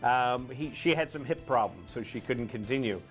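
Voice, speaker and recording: A man's voice: mid-range voice, lively intonation, normal speed, soft background music. A middle-aged man from Rhode Island hosting a live morning show, chatting casually and rambling with lots of fillers.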